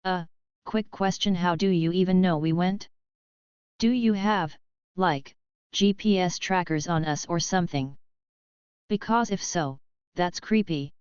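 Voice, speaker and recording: A woman's voice: lowish voice, measured pace, long pauses, darkish tone, clear, resonant tone, dry recording, lo-fi sound, close to an everyday voice. A woman voicing a sarcastic young male superhero who jokes flippantly. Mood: nervous. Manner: joking, flippant.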